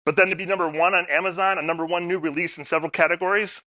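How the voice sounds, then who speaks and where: A man's voice: high-pitched, racing, no room sound. A man giving a personal storytelling talk at a public forum, acting out the people in his stories. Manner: animated storyteller, acts out quotes.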